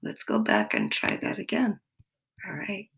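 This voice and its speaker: A woman teaching young children in a gentle, encouraging way, sometimes dropping to a whisper. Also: medium pitch, huge pitch swings, measured pace, vocal fry, noisy background. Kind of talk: slow, animated children's lesson.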